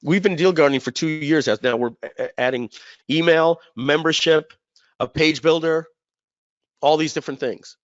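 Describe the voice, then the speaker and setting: A man hosting a live webinar, telling a long story in a chatty, rambling way, with many fillers and throat clearing. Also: on the high side, normal speed, no echo. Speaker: webinar host. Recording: dull, dry webinar audio.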